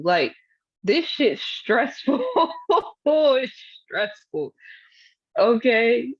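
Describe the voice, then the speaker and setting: Blunt, profane woman teacher. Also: lowish voice. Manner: blunt, profane, affectionate, emphatic. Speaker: spiritual teacher. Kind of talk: casual spiritual teaching talk. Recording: dull lo-fi sound.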